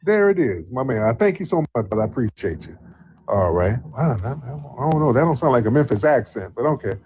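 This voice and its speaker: A man's voice: medium pitch, sing-song, brisk, darkish tone, a little hiss or hum. Male livestream host taking callers, easygoing drawl, says things twice. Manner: loose, drawling, repeats phrases. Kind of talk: casual call-in livestream chat.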